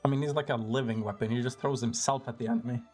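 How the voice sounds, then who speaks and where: A man's voice: mid-range voice, steady tone, quick pace, a little mellow, soft background music. A man streaming a video game live, making sarcastic, joking comments and swearing freely.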